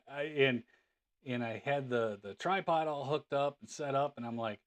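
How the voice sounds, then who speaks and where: A man's voice: mid-range voice, brisk. A man hosting a livestream, rambling casually with lots of fillers and laughter as he tells stories. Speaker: livestream host.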